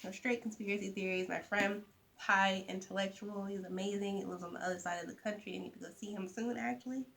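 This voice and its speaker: A young woman chatting casually to camera about books, animated, with soft asides. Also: medium pitch, gravelly, slight background noise. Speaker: vlogger. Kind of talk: casual book chat to camera.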